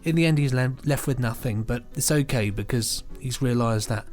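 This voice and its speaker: A man's voice: mid-range voice, normal speed, a little mellow, faint music behind. Young man rambling in casual podcast chat. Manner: chatty, rambling with restarts and fillers. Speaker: podcast co-host.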